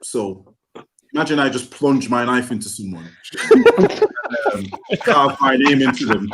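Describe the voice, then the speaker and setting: Animated man, lively voice, faint noise. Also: medium pitch, measured pace. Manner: animated, slangy, jokey. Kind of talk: casual group chat.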